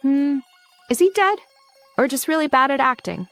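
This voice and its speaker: A woman's voice: high-pitched, expressive, moderate pace, a bit bright, faint music behind, pitched above the performer's own voice. A woman voicing a cocky young male villain who mocks his foes with sarcastic, teasing lines. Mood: smug.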